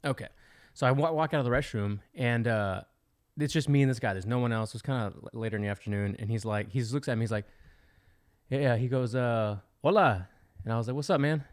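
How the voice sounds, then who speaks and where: Male podcast co-host, brisk and chatty. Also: medium pitch, smooth. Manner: quick rambling anecdote-telling with self-corrections. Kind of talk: casual podcast chat.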